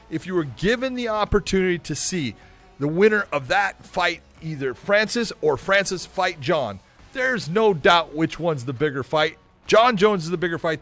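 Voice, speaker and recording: A man's voice: sits high, expressive, normal speed, fairly bright tone, faint music behind. A man co-hosting a casual sports podcast, giving blunt, emphatic opinions. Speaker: podcast co-host.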